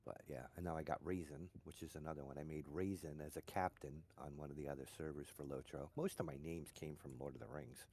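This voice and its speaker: A man's voice: a bass voice, steady tone, fairly quick, few pauses, a little mellow, slight background noise. A middle-aged man chatting casually while gaming, telling rambling stories full of "you know". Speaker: gamer chatting on a stream. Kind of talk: casual chat.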